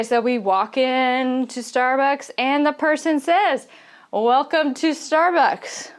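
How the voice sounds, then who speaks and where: Slow, clear-voiced woman teacher. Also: on the high side. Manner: animated storytelling, laughs often. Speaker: English pronunciation teacher. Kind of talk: casual teaching to camera.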